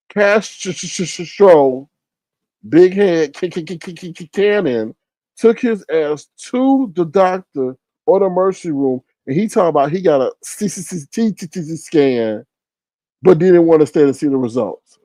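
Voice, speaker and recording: A middle-aged man commentating on a livestream, telling a story with expressive, acted-out quotes. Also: a little high, measured pace, no room sound, low-quality recording.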